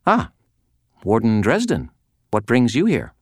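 A man's voice: medium pitch, wildly swooping pitch, measured pace, slightly rough, no room sound, clean studio sound, pitched above the performer's own voice, heavily acted. A man voicing a fussy, reedy little wizard clerk who speaks with prim, polite disapproval.

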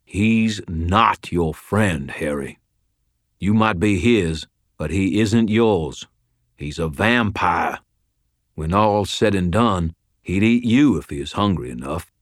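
Give me a gruff old wizard mentor, voiced by a man reading an audiobook, blunt and drawling as he lectures his former pupil. The voice sits somewhat above the reader's own deep register, with a stern, folksy edge. The recording is dry and close. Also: lively intonation, slow pace, dry recording. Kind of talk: audiobook character voice.

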